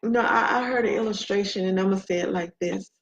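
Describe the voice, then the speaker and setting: A woman's voice: mid-range voice, fast talker. A woman giving an inspirational faith talk, speaking emphatically and repeating key phrases for effect. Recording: dull lo-fi recording.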